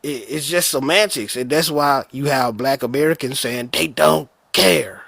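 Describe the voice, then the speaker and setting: A man's voice: medium pitch, normal speed, gravelly, fairly bright tone, no room sound. A man on a debate panel talking in a casual, blunt, slangy way.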